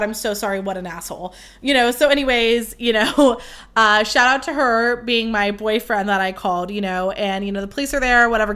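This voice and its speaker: A woman's voice: fairly high pitch, pushed and bright. A young woman hosting a podcast, telling a story in a rambling, casual way, full of fillers and swearing. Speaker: podcast host.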